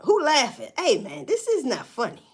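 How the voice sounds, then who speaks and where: On a live stream, a woman talks straight to her viewers in a blunt, profane, casual way. Her pitch swings widely and she jumps up into loud, emphatic outbursts. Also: wildly swooping pitch, normal speed, husky. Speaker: livestream host. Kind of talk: casual livestream chat to viewers.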